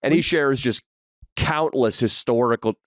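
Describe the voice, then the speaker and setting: A man's voice: medium pitch, unhurried, dry recording, clean studio sound. A young adult man co-hosting a podcast, telling crude, jokey stories in casual banter. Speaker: podcast co-host.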